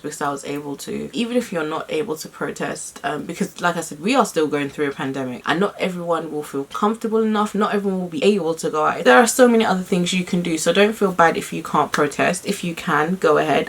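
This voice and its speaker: A young woman talking straight to her camera in a casual vlog. Her voice sits a little low, and she presses her points hard, often saying them twice. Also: fairly bright tone. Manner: emphatic, repeats points for stress. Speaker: vlogger.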